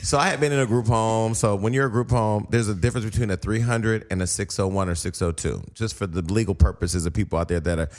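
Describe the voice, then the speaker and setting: Fast-talking profane male storyteller. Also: lowish voice, faint music behind. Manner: animated, profane storyteller who acts out quotes. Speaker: podcast co-host. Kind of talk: casual storytelling chat.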